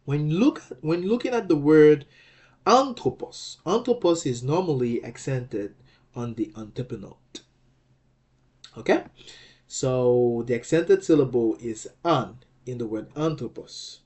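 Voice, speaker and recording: Slow, deliberate man teaching grammar. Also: medium pitch, lively intonation, dark tone. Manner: slow and deliberate, repeats phrases, frequent "okay?" checks. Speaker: Greek language teacher. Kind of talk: explanatory lesson.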